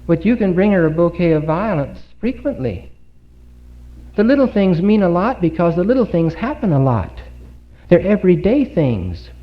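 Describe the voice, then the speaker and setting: A man giving a Bible talk in a congregation hall, earnest and full of rhetorical questions and pauses. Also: high voice, sing-song. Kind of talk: sermon. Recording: dull lo-fi 1950s recording.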